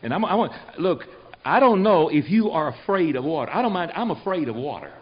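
A folksy older preacher spins stories in an emphatic, repetitive way. His voice sits somewhat high for a man, and the lo-fi recording sounds dull. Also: very animated, brisk, slightly rough. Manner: folksy, emphatic, repeats phrases for effect. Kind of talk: storytelling guest on a talk show.

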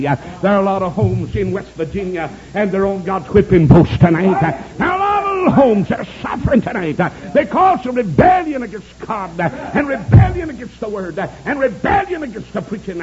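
A man with a Southern US accent preaching a revival sermon, telling folksy stories and bursting into shouts, with many "uh" fillers. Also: high-pitched. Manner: shouting, exclamatory, punctuating with "uh". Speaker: evangelist preacher. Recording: dull lo-fi audio recording.

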